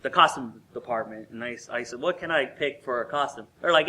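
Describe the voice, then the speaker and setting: A man being interviewed about his old theme park job, telling stories in an animated way, often laughing and acting out what people said to him. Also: medium pitch, fast talker, slight background noise. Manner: animated, laughs often and acts out quoted guests. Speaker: interview guest, former theme park worker. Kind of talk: casual storytelling interview.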